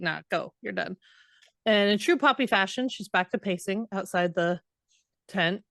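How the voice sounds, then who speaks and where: A woman's voice: mid-range voice, no room sound, clean studio sound. A woman co-hosting a book podcast, recapping chapters in a chatty, hesitant way full of asides. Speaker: podcast co-host. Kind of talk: casual book recap chat.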